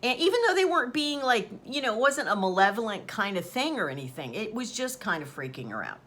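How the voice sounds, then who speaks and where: Female host, casual storyteller, bright tone, animated pitch, acts out quotes. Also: fairly quick. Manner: chatty, retells a story with quoted dialogue. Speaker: channel host.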